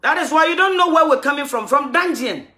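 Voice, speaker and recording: Fervent female preacher with a bright, piercing tone, streaming from a phone in an echoey room. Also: high-pitched, expressive, a little fast. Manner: impassioned, rising to loud exhortation. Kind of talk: livestreamed sermon. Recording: roomy livestream audio, faint music.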